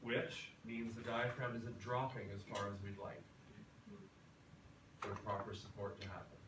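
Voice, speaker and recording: A man teaching a singing class in a relaxed, chatty lecture style. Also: lowish voice, a little slow. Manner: relaxed, chatty, tells anecdotes. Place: classroom or rehearsal hall. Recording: roomy, from far off, noisy.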